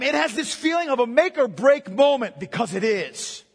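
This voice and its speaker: High-voiced preacher in a reverberant hall. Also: male voice, expressive, normal speed, few pauses, husky. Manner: emphatic preaching, swings from loud to hushed. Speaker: pastor. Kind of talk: sermon.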